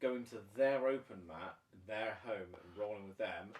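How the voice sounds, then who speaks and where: A man's voice: on the low side, normal speed, far from the mic. A man in casual podcast chat, blunt and swearing freely. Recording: echoey, off-mic, faint noise.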